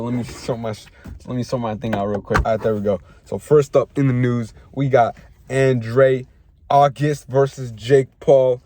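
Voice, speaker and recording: A man's voice: medium pitch, darkish tone, no room sound. A young man hosting a casual boxing news vlog from a parked car, rambling in slang with frequent restarts. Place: parked car in a school parking lot.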